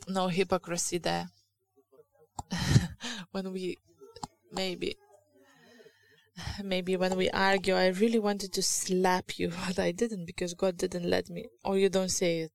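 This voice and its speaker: A woman's voice: on the low side, flat delivery, a little slow, vocal fry, poor audio. A woman with a Lithuanian accent preaching a sermon in English, her second language, in a candid, confessional way with frequent halts and restarts.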